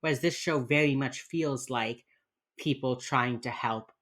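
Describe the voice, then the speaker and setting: A woman's voice: very deep voice, unhurried. A woman co-hosting a podcast, chatting casually and laughing as she recaps a TV episode. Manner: laughing, animated, acts out characters in quotes. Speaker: podcast co-host. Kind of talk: casual chat recapping a TV show.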